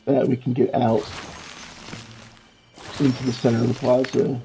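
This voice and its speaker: A man streaming a video game live, narrating his moves in a relaxed way and chatting to viewers. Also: medium pitch, normal speed, faint music behind, poor audio. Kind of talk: casual live game commentary.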